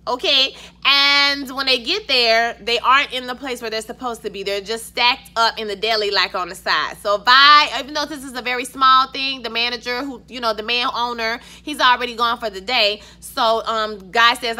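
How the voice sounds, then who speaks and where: Bright, chatty woman talking to viewers. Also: on the high side, a little fast. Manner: chatty, emphatic, talks straight to viewers. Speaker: TV recap vlogger; schoolteacher. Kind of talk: casual recap talk.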